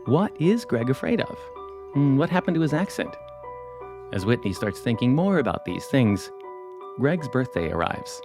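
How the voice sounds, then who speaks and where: A man narrates a podcast from a script, his pitch rising and falling widely. He builds suspense with dramatic pauses between phrases. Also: very animated, over music.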